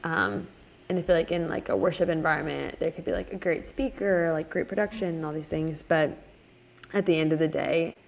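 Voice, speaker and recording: A woman's voice: sits low, brisk, vocal fry. A young woman in her twenties, co-hosting a casual podcast, telling a story with lots of "like" fillers and lifting her voice when she quotes people. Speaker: podcast co-host.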